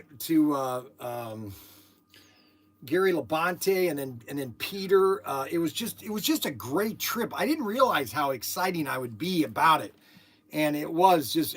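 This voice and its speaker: A man hosting his channel from a workshop, chatting and telling stories excitedly with lots of exclamations and restarts. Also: fairly high pitch. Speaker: channel host. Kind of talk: casual chat in the shop, partly on the phone.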